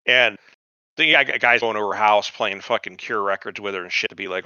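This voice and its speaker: A man's voice: fairly low pitch, fairly quick, no room sound, muffled recording. A man co-hosting a podcast, bluntly retelling and mocking scenes from a TV show with lots of swearing. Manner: blunt, profane, animated retelling. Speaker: podcast co-host. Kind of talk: profane casual chat about a TV show.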